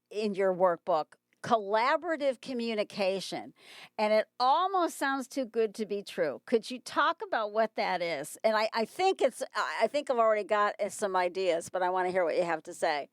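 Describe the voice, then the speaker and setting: A woman's voice: mid-range voice, very animated, moderate pace, no room sound. A woman hosting an interview, asking questions and reflecting thoughtfully on the answers. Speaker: podcast host. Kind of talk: interview conversation.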